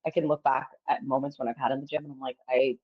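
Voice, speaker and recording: A woman with a deep voice talks frankly on a podcast, with casual swearing and easy laughs. The recording is dry and close, with a slightly dull, lo-fi sound. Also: little pitch movement, racing, slightly rough, no echo. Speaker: podcast co-host.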